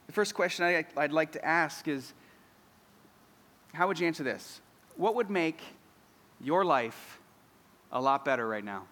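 A man's voice: a little high, expressive, measured pace, long pauses, fairly bright tone, in a large hall. A man in his thirties preaching a sermon as a pastor, earnest and building to emphatic declarations.

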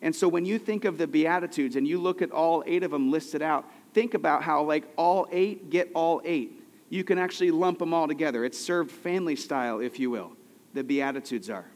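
A man preaching a sermon with a conversational, storytelling delivery, slowing down to stress key words. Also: on the high side, darkish tone, big-room sound. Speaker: pastor.

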